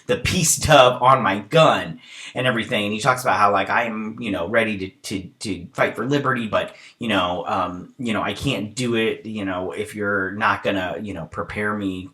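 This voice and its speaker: Bright-voiced man rambling through a recap. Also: lowish voice. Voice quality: rambling, full of fillers and tangents. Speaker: show reviewer. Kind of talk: casual episode recap.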